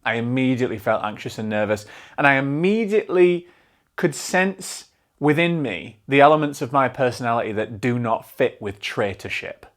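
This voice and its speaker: Energetic man hosting a podcast. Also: mid-range voice, normal speed. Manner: energetic, rambling, swears freely. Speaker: podcast host. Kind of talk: solo film podcast chat.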